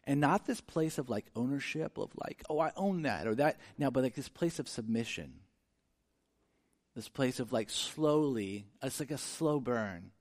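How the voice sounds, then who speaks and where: A man preaching a sermon, earnest and conversational, moving from quiet reflection to emphatic, rising delivery. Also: medium pitch, animated, unhurried. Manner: conversational with frequent restarts. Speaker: pastor.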